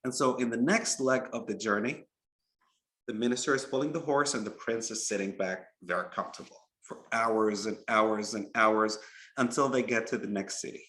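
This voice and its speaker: A man narrating a moral story as a preacher, in an animated, repetitive storytelling manner. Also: fairly low pitch, normal speed. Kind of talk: storytelling sermon. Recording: roomy echo.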